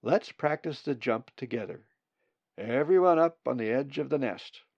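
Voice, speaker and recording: A man voicing a patient adult male raven who calmly and encouragingly teaches chicks to fly. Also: mid-range voice, normal speed, no room sound, muffled recording. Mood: instructing. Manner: calm, encouraging, instructive.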